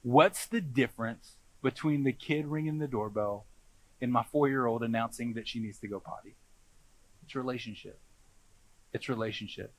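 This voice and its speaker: A man in his thirties preaching a sermon, a pastor talking in a relaxed, conversational storytelling way. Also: medium pitch, moderate pace.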